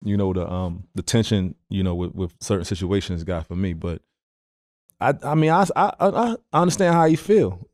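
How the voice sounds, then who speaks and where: A laid-back man with a fairly low voice chats on a podcast. He drifts through fillers and half-finished thoughts. The sound is dry and close. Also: animated, normal speed, darkish tone, no echo. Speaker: podcast co-host, former pro player. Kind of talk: casual chat.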